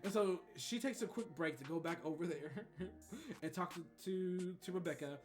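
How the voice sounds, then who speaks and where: A man streamer telling a funny story in a casual, animated way, with frequent laughter and swearing. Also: sits high, normal speed, faint music behind.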